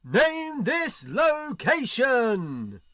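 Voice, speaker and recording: A man's voice: very high voice, faint music behind, voice pushed up, heavily acted. A man doing a showy jingle announcer. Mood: announcing. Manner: drawn-out and lively.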